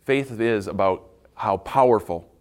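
A man's voice: fairly low pitch, unhurried. A middle-aged man, a school pastor, gives a devotional talk to students and acts out the quotes as he tells the story.

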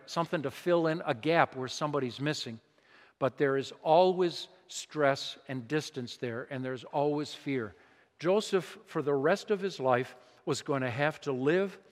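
Higher-voiced man preaching in a reverberant hall. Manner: conversational, emphatic, asks the congregation rhetorical questions. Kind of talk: sermon. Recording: long reverb of a large hall.

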